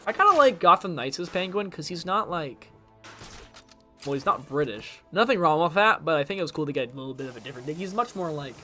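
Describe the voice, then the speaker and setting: A man's voice: on the high side, animated, brisk, pushed and bright, soft background music. A young man streaming a video game, rambling casually and trying out voice impressions between moves. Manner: chatty, jumps between topics, tries voice impressions.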